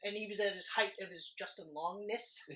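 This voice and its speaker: A man's voice: high-pitched, steady tone, a little fast, bright, forceful tone. A man in his thirties, co-hosting a casual movie podcast, who rambles, swears freely and fills his talk with "like.". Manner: rambling, profane, lots of "like". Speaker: podcast co-host.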